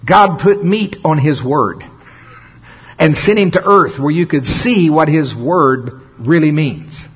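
A man preaching a folksy sermon, often laughing and slowing down for dramatic emphasis. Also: on the high side, breathy edge. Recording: dull lo-fi sound.

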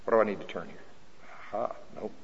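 A man's voice: fairly low pitch, slight background noise. Preacher man in an echoing hall. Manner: reads scripture slowly and loudly, then chats with jokes. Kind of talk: sermon. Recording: dull sound in a reverberant hall.

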